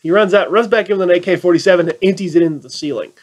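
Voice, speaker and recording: Sarcastic high-voiced man reviewing a movie. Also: racing. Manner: sarcastic, acts out quotes in mocking voices. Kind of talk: casual film review rant.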